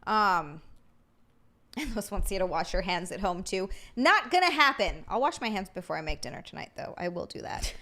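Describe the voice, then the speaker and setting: A woman's voice: medium pitch, animated, moderate pace, bright, forceful tone. A woman from Russia hosting a livestream, chatting casually and thanking viewers for their messages. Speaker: livestream host. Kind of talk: casual chat.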